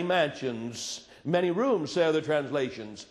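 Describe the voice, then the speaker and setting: A man preaching a sermon, retelling scripture with dramatic swings between loud emphasis and hushed quiet. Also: fairly high pitch, expressive, normal speed, long reverb tail.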